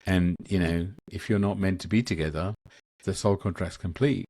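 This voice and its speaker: Deep-voiced man, earnest and rambling. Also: normal speed, darkish tone, dry recording. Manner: earnest, rambling with frequent restarts. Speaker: guest, Akashic Records channel. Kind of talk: casual spiritual conversation.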